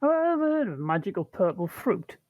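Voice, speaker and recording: A woman's voice: mid-range voice, very animated, a little fast, no room sound, narrow, tinny audio. Woman, tabletop player, earnest and chatty, dry close mic. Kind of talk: playing a tabletop game.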